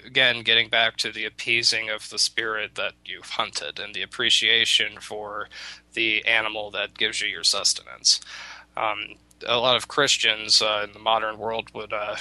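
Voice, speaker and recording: A man's voice: lowish voice, sharp tone, no room sound, poor audio. A man telling a folk tale in casual conversation, hesitant, with frequent restarts and fillers. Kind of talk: casual storytelling chat.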